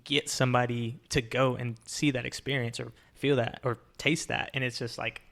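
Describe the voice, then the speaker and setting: A man's voice: medium pitch, little pitch movement, normal speed, a bit bright. A man hosting a podcast in casual chat, rambling with many fillers and restarts. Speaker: podcast host.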